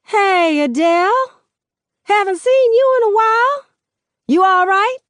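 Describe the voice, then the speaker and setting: A woman's voice: extremely high pitch, expressive, a little slow, fairly bright tone, dry recording, studio quality, pitched above the performer's own voice, exaggerated voice. A woman voicing a friendly older neighbor woman in an audiobook.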